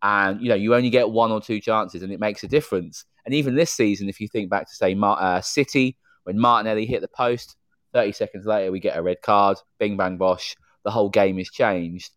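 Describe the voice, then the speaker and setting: A man's voice: lowish voice, steady tone, a little fast, no room sound. A man calling in to a casual football podcast, giving his opinions fluently with lots of "you know" fillers.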